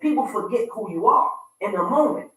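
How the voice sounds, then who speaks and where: Here the host's high-pitched voice turns animated, bright, and forceful, at a fairly quick clip. He's a man in his thirties on a radio talk show, insisting on his relationship opinions again and again, his voice rising at moments, captured from a distance in a very echoey space.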